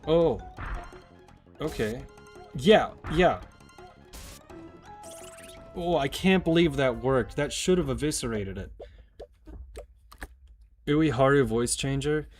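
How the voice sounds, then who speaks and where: A man's voice: medium pitch, slow, long pauses, faint music behind. A man streaming a game, chatting casually in a rambling, jokey way with plenty of swearing. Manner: rambling, profane, jokey asides. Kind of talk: casual chat while gaming.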